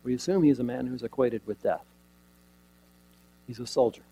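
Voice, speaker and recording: A man preaching a sermon, retelling a scene dramatically with rhetorical questions and sudden shifts from loud emphasis to near quiet. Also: medium pitch, moderate pace, creaky, husky, poor audio.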